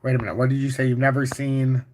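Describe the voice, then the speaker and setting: A man hosting a casual crypto livestream, walking through charts and chatting with viewers in a boastful, profane, animated way. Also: medium pitch, quick pace, a little hiss or hum. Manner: boastful and confident. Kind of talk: casual livestream chart talk, answering chat.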